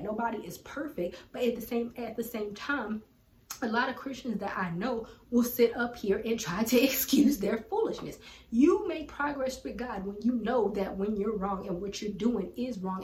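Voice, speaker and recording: A woman giving a casual Bible teaching, talking in an earnest, colloquial, conversational way. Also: mid-range voice. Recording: roomy echo, distant from mic, faint background hum.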